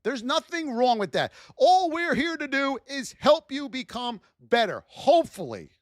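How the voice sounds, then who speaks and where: Man, very high voice, lively pitch, fired-up trading teacher, yells for emphasis, dry close sound. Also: unhurried, dry recording. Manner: loud, preachy, often yelling for emphasis.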